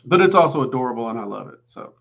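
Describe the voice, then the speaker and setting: Casual Southern-accented male host, rambling Q&A on a home stream, gravelly edge. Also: mid-range voice, animated, rapid-fire, fairly bright tone. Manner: chatty and rambling, with many "um"s. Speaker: livestream host answering viewer questions. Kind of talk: casual livestream Q&A.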